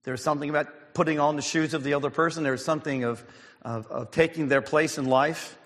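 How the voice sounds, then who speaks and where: A man preaching a sermon as a pastor, telling stories with fillers, restarts and an occasional clearing of the throat. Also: a little high, steady tone, fairly quick, a bit bright, long reverb tail.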